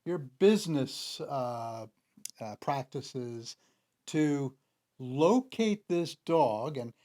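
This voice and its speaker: A man from the New York area hosting a studio interview, unhurried and hesitant with his questions. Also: mid-range voice, expressive, dark tone. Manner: unhurried, hesitant, with many fillers. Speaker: host.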